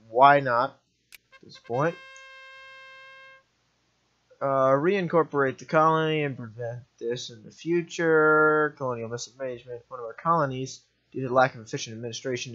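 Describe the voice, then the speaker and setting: A man's voice: medium pitch, a bit bright, muffled recording. A young man giving offhand, rambling commentary while playing a strategy game, often correcting himself. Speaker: gaming commentator. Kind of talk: let's play commentary.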